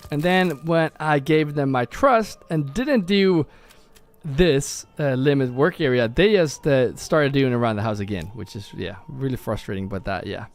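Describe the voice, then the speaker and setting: Faint music sits under the voice of a Norwegian man streaming his gameplay live. He speaks in a mid-range voice at normal speed, commenting casually, thinking aloud, and regularly correcting himself.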